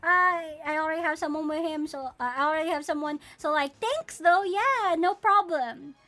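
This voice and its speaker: A woman's voice: high-pitched, moderate pace, pushed and bright, soft background music. A woman reading the lines of a silly, flustered young man who stammers and blurts things out. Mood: awkward.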